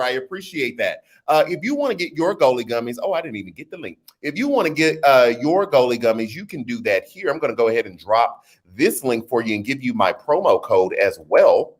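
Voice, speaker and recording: A man's voice: medium pitch, sing-song, quick pace, few pauses. Giggly chatty man hosting a livestream. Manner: giggly, chatty, greeting commenters by name. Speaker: host. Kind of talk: casual livestream chat.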